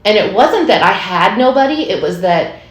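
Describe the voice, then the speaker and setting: A woman's voice: mid-range voice, big pitch swings, normal speed, roomy sound. A woman co-hosting a podcast, a teacher and mother, telling personal stories casually. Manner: storytelling with quoted voices and laughs. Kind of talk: casual chat.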